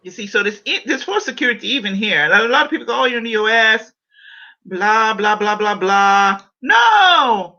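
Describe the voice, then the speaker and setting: A woman hosts a casual podcast livestream, talking in an animated, playful way and often repeating herself. Her voice is very bright and sharp. The recording sounds dull and lo-fi, as if it came through a call. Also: mid-range voice, brisk. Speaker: podcast host.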